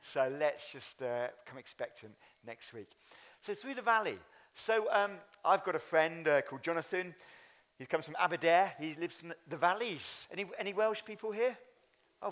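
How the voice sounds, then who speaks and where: Church leader guy giving a sermon, chatty, talks right to the room, voice a bit on the high side. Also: animated, normal speed, fairly bright tone. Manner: chatty, addresses congregation directly. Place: church Sunday service.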